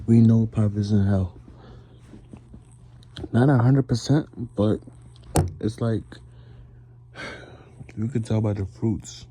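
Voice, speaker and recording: A man's voice: on the low side, mellow, a little hiss or hum. A sleepy man lying in bed in his bedroom, rambling through a casual late-night monologue in a drowsy voice that drifts into near-whispers. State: sleepy, yawning. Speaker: vlogger.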